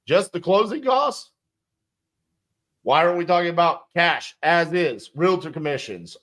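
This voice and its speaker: A man with a slightly high voice coaches sales. He is blunt and emphatic and swears freely, and he acts out both sides of a call as he picks a script apart. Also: fairly bright tone. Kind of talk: instructional commentary on a sales script.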